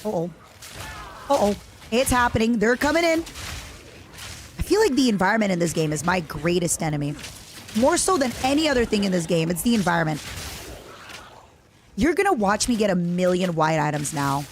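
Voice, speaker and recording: Young woman streamer with an Eastern European accent, mid-pitched, very lively and excitable, live gaming chat. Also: moderate pace, pauses often, a little hiss or hum. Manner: excitable, reacts loudly to the game and chats with viewers.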